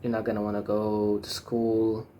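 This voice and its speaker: Young man rambling frankly, low voice. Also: monotone, normal speed, dark tone, a little hiss or hum. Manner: rambling, frank and swearing, with many fillers and restarts. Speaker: vlogger. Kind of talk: casual personal monologue.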